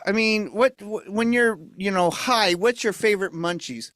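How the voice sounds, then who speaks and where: A man's voice: high-pitched, a little slow, fairly bright tone, no echo, studio quality. A man doing comedy as the flustered straight man beside his puppet on an online show, often stammering and sighing. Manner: flustered straight man, many fillers and sighs. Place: home setup for an online show.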